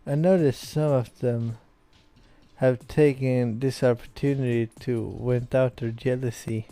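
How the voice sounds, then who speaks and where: Faint music plays behind a young Swedish man who hosts gaming videos and is tipsy from beer. He reads a visual novel aloud while playing, his let's play commentary casual, rambling and heavy with fillers. His mid-range voice is dark and steady at a measured pace.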